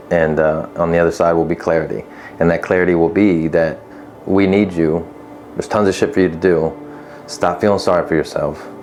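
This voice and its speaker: A man with a very deep, low voice talks straight to the camera with no script. He is blunt and profane, pushing the listener with tough love. Soft music plays faintly behind him. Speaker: vlogger sharing a personal testimony. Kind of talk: unscripted direct-to-camera talk.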